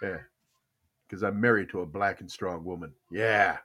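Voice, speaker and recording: A man's voice: deep voice, moderate pace. An older American man hosting a podcast, telling stories in a casual rambling chat and acting out dialogue. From United States. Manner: storytelling, animated, acts out dialogue. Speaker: podcast host.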